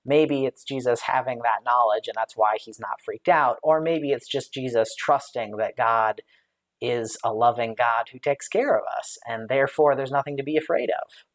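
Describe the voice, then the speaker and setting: Speaking at normal speed with a medium pitch, this Bible study leader runs a live stream, musing aloud with lots of fillers and soft laughter. Incoming viewer comments are read out and answered.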